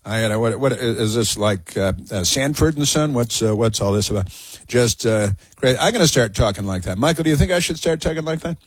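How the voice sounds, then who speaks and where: A man's voice: medium pitch, expressive, fairly quick, slightly rough, dry recording. A man hosting a talk radio show, delivering sarcastic, mocking commentary that rambles with frequent fillers.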